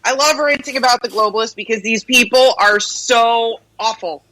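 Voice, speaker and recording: A woman's voice: fairly high pitch, moderate pace, fairly bright tone, poor audio. A woman co-hosting a radio show in casual chat, opinionated and ranting, swearing freely. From United States. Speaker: radio co-host.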